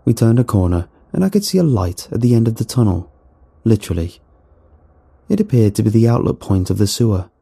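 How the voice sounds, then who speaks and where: Guy narrating creepy horror, husky dark voice, swings up and down a lot. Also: fairly low pitch, lively intonation, fairly quick.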